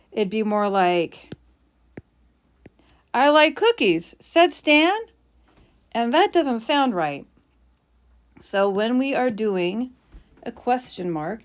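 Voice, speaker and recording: A woman teacher explaining punctuation while writing, with playful mock bragging asides. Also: medium pitch.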